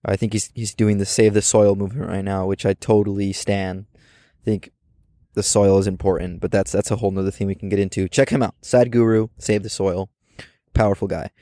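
Man, podcast guest, deeper voice, earnest casual storytelling, dry close recording. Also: little pitch movement, fairly quick, dark tone, dry recording. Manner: earnest, repeats words while thinking. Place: outdoors on campus steps.

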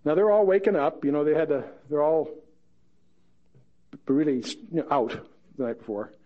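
A man leads a verse-by-verse Bible teaching in a relaxed, conversational way, dropping joking asides between readings. His voice sits a little high and swings widely in pitch, and he reads the scripture quotes dramatically. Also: normal speed, phone-quality sound.

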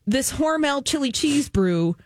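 A woman co-hosting a radio show in casual chat, chatty and expressive. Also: high-pitched, a little slow, dry recording, studio quality. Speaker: radio co-host.

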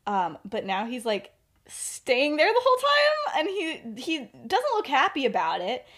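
A woman's voice: high-pitched, huge pitch swings, a little slow, fairly bright tone. A woman casually telling a story on a podcast, chatty and giggly, with many filler words. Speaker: podcast co-host.

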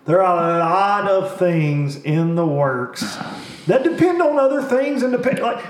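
A man's voice: high voice, sing-song, measured pace, reverberant, slight background noise. A man hosting a fishing show, chatting casually and animatedly, laughing often and swearing in a folksy way. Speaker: podcast host. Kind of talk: casual chat.

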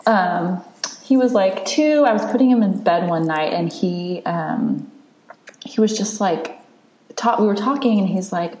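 Low-voiced woman telling a personal story. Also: unhurried, darkish tone, reverberant, a little hiss or hum. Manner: candid, rambling storytelling with many fillers. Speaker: podcast host. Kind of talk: casual podcast chat.

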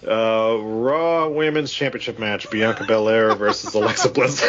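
A man hosting a casual podcast chat, husky and laughing often as he runs through picks. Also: lowish voice, measured pace, fairly bright tone, a little hiss or hum. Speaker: podcast host. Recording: dull lo-fi audio.

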